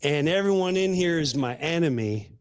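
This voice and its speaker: A man hosting an online talk show, giving loud, emphatic political commentary and acting out little scenes as he goes. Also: on the high side, animated, normal speed, smooth. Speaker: show host.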